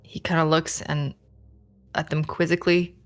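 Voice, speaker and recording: A woman running a tabletop game, narrating in a halting way with many fillers. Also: deep voice, flat delivery. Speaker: game master.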